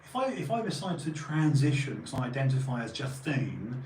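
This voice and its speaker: A man's voice: mid-range voice, very animated, moderate pace, darkish tone, far from the mic. A man in his late forties talks through an emphatic, rambling opinion piece in a casual monologue. He sits back from the microphone, so his voice carries a roomy echo. A faint background hum runs underneath. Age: 40s. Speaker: channel host.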